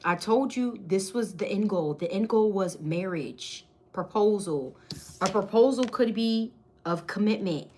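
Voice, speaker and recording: A woman's voice: medium pitch, expressive, measured pace, a little mellow, slight background noise. A woman, giving a casual, chatty tarot reading to camera with lots of slang and giggling. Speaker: tarot reader.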